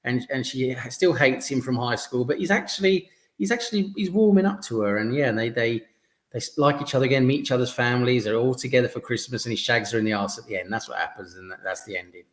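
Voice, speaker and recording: A man hosts a casual podcast, talking enthusiastically and tripping over his words. His voice sits at a middle pitch. The recording carries a noticeable room echo. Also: animated. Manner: enthusiastic, halting, repeats words. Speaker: podcast host. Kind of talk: casual chat. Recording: echoey room.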